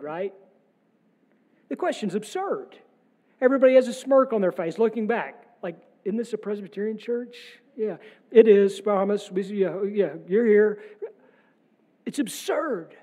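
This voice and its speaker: A male pastor preaching a sermon in a church, posing measured rhetorical questions with wry asides. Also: high-pitched, dark tone. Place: church sanctuary. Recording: long church reverb.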